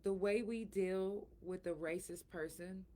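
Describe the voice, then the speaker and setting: A middle-aged woman hosting her own podcast, talking frankly and emphatically, sore and breathy at times from a recent surgery. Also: mid-range voice, measured pace, warm tone. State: in pain after surgery, soft and breathy at times. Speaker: podcast host. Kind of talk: casual solo talk.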